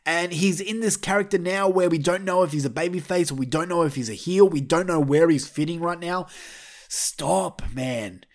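A man with a slightly raised voice tears into his subject, with frequent swearing. His delivery is blunt and opinionated, in the manner of a heated vlog rant. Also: a little high. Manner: blunt, heavily profane, fired up. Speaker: wrestling commentator vlogger.

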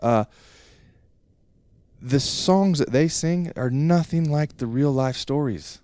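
A young man from Idaho, co-hosting a casual podcast from a home basement, ranting in animated chat. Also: a little high, slow pace, no room sound, studio quality. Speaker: podcast co-host.

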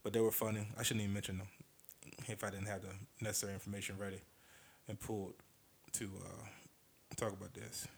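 A man hosting his own podcast, chatting casually and rambling with hesitations and quick impressions of other comedians. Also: lowish voice, level tone, gravelly, a little hiss or hum.

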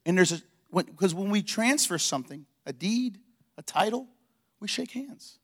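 A man's voice: high voice, lively intonation, normal speed. A man preaching a sermon in a church as pastor, telling stories with energy and acting out the dialogue.

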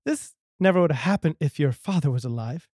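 A man's voice: a little high, expressive, fairly quick, a little mellow, husky, dry recording, clean studio sound. A man voicing an old male castle servant who glumly reports one family death after another. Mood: mournful. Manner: mournful, reciting bad news.

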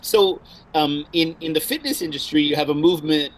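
A man who teaches Wing Chun, calmly explaining his ideas as a guest in a casual chat. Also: on the high side, brisk, poor audio.

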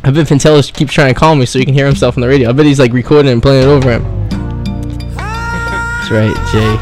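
A man's voice: mid-range voice, fairly even intonation, very fast, a little mellow. A young man hosting a college radio show, chatting loosely and joking with friends in the studio and laughing often. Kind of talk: casual studio banter. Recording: music playing underneath.

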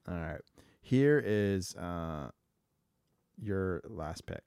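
A man's voice: low-pitched, lively intonation, very slow, darkish tone, faint music behind. A man co-hosting a podcast, rambling and joking casually while filling airtime, swearing freely. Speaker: podcast co-host.

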